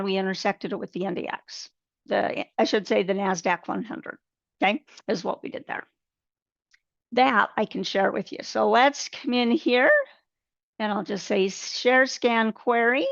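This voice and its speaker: A woman's voice: mid-range voice, steady tone, moderate pace, creaky, a bit bright, no room sound. A woman trading coach teaching a live webcast, talking through charts step by step in a conversational way. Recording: dull, dry webcast audio.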